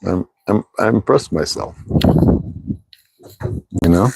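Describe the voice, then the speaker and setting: Low-voiced man in his sixties, chatty. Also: lively intonation, takes it slowly, creaky, darkish tone, slightly rough, no room sound, rough recording. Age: 60s. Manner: rambling, chatty, laughs often, addresses viewers directly. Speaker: livestream host. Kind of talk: casual livestream chat.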